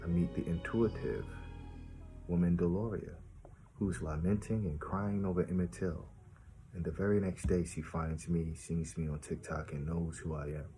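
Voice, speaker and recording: Very deep-voiced man hosting an interview. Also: fairly even intonation, normal speed, dark tone, faint music behind. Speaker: host.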